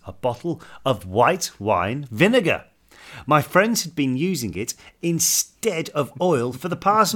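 A man co-hosting a podcast, reading listener messages and telling stories in a lively, casual way. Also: medium pitch. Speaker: podcast co-host.

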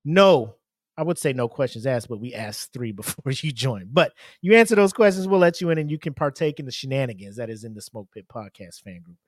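A man's voice: mid-range voice, sing-song, a little fast, no room sound, clean studio sound. A man hosting a podcast alone, talking casually and rambling, with lots of swearing, fillers and laughter. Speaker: podcast host. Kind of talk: casual solo podcast commentary.

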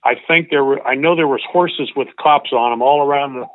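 A man's voice: mid-range voice, dry recording. Older man telling a story over a tinny line. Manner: earnest, halting, repeats himself. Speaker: interview guest, former baseball coach. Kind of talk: emotional storytelling.

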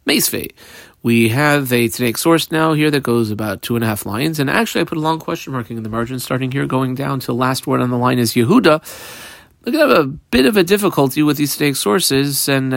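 A man's voice: mid-range voice, fairly quick, gravelly, no echo. A man teaching a daily Talmud class, reading Aramaic phrases and explaining them in casual English. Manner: animated, mixes Hebrew-Aramaic terms into English explanation.

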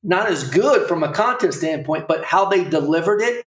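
A man's voice: a little high, animated, moderate pace. Man asking questions from a roomy distance. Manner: rambling, self-interrupting questions. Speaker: podcast host. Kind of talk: conversational interview.

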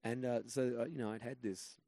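An Australian man in his twenties, a podcast guest telling stories in a measured, low-key way that turns animated as he goes. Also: no room sound. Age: 20s. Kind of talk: casual storytelling chat.

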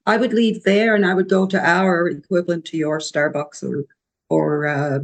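A woman, a podcast guest telling her recovery story in a reflective, halting way. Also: on the low side, steady tone.

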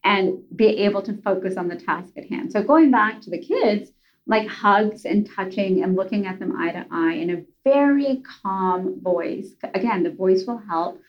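A woman calmly explaining coping techniques in a casual advice chat, enthusiastic and explanatory. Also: mid-range voice, normal speed, lo-fi sound. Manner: enthusiastic, explanatory, addresses host by name. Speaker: guest expert.

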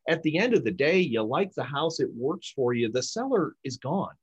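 Husky guy coaching on sales talk, dry close sound, a bit dull and lo-fi. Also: a little high, moderate pace, no echo. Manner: emphatic, animated, acts out example lines. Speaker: sales communication guest expert.

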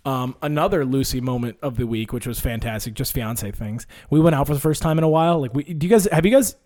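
A man's voice: medium pitch, fast. A young man hosting a casual chat with friends, telling stories with lots of laughs. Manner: animated storyteller, laughs often.

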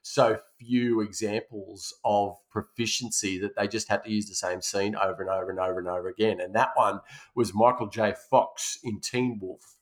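A man's voice: lowish voice, fairly even intonation, normal speed. A man, co-hosting a casual movie-review podcast, rambling and restarting his sentences. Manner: rambling, self-interrupting, laughs at own jokes. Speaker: podcast co-host.

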